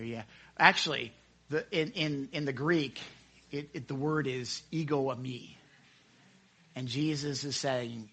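A man leading a casual Bible study into a microphone, excitable and chatty, often acting out the scenes he describes. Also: mid-range voice, a little slow, creaky, slightly rough. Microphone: handheld microphone.

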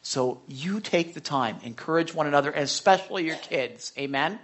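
A man preaching a conversational sermon as pastor, stumbling over repeated words and swinging between hushed whispers and loud bursts. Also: fairly high pitch, lively intonation, normal speed.

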